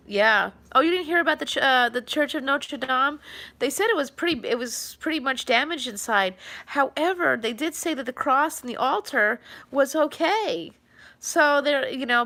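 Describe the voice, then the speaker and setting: A woman's voice: on the high side, pushed and bright. A woman chatting casually on a live stream, rambling with many fillers and restarts. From New York.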